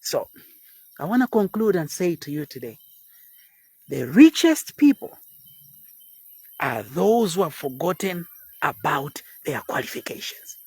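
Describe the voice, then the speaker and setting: A man in his fifties preaches bluntly in a live motivational talk. His pitch swings all over the place as he pushes his point. The sound is close and dry, with no room around it. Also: very animated, a little slow, vocal fry, long pauses, breathy edge, no echo. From Zambia. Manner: blunt, preachy, drops into sudden quiet asides. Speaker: motivational speaker.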